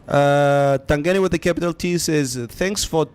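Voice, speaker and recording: A man's voice: fairly high pitch, fairly even intonation, normal speed, clear, resonant tone. A man in his fifties co-hosting a radio show from a studio, reading out listener comments between bursts of laughter and mixing English with Afrikaans. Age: over 50.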